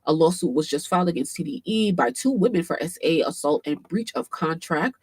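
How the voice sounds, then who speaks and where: A woman hosting a casual commentary livestream, animated and swearing freely, with AAVE speech and frequent fillers. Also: sits low, fairly quick, breathy edge. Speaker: livestream host.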